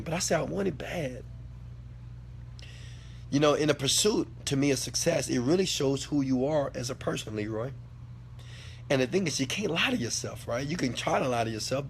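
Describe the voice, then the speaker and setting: A man with a gravelly edge to his voice delivers an impassioned motivational talk, hammering each point with repetition and the odd swear word. He drops low, then swells loud for emphasis. A faint hum sits under the recording. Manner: preachy, repeats lines for emphasis, swears, swings from quiet to loud. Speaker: motivational speaker answering a question.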